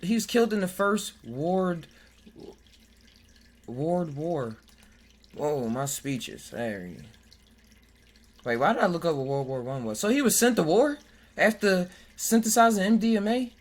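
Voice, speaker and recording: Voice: medium pitch, lively intonation, unhurried. A podcast host in casual chat who jokes, laughs often, and stumbles over hard words while reading aloud from web pages.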